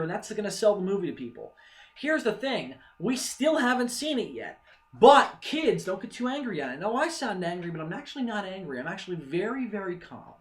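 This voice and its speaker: A young man vlogging casual fan commentary, excitable and profane, rambling with lots of fillers. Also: sits high.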